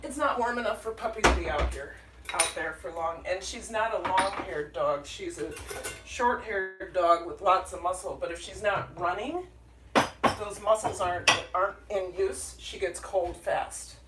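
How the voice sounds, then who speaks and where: Slow-talking chatty woman in a kitchen. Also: medium pitch, heavy background noise. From Minnesota. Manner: chatty, rambling, apologetic, talks to her dog. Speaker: cooking livestream host. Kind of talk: casual live cooking chat. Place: small home kitchen. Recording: kitchen clatter of dishes and pans.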